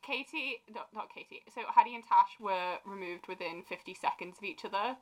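A young woman, co-hosting a casual chat, animated and quick to laugh, acting out quotes. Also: mid-range voice, a crowd in the background. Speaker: podcast co-host.

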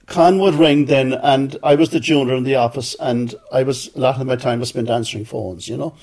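A man's voice: mid-range voice, steady tone, brisk, darkish tone. An older man telling anecdotes in an interview, acting out other people's words. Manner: anecdotal, acts out quoted voices. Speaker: interviewee, former journalist. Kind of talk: storytelling interview.

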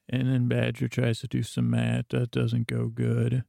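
A man's voice: medium pitch, moderate pace, few pauses, dry recording, clean studio sound. A man hosting a podcast, giving a meandering bedtime recap full of fillers. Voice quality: gravelly. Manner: meandering, monotone, filler-heavy. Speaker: podcast host.

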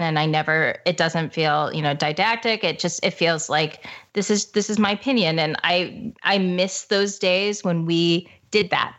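A woman in her forties hosting a casual interview, talking in a chatty, animated way. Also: low voice. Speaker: podcast host.

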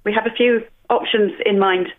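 A woman's voice: mid-range voice, fairly even intonation, normal speed. A woman with an English accent, speaking as a guest on a radio show by phone, chatty and friendly. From England. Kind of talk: phone-in interview. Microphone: telephone. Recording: tinny phone line.

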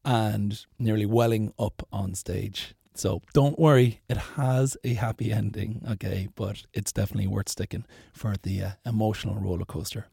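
Male presenter, low husky gravelly voice, chatty and loose, dry sound. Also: fairly even intonation, normal speed, few pauses, dark tone, no room sound. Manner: loose, with fillers and restarts. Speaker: podcast presenter. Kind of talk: casual show introduction.

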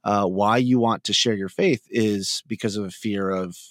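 A man's voice: fairly low pitch, steady tone, normal speed, no room sound. Reflective podcast man, dry sound. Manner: reflective, lots of fillers and restarts. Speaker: podcast co-host. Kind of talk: casual faith podcast chat.

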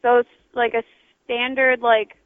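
A woman's voice: on the high side, little pitch movement, a little slow, no echo. A woman working as a gas station clerk, answering a call in a patient, plain and slightly hesitant way. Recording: dry phone line.

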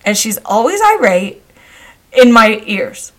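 A middle-aged woman hosting a podcast, telling family stories in a chatty, meandering way with frequent pauses and restarts. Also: mid-range voice, animated, a bit bright. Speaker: podcast host. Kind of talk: casual storytelling monologue.

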